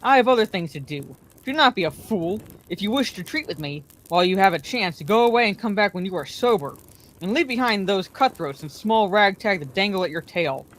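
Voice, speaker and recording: A woman reading aloud, voicing a proud old male wizard with a shrill, cold, sneering voice. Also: expressive, a little fast, natural voice. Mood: raging. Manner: sneering, scornful.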